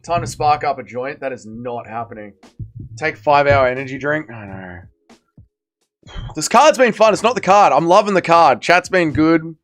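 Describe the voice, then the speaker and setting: Tired, hungover streamer. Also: male voice, fairly high pitch, animated, moderate pace, a bit bright, faint music behind. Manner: rambling, swearing, slangy banter with chat. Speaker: livestream host. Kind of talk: casual live watch-party chat.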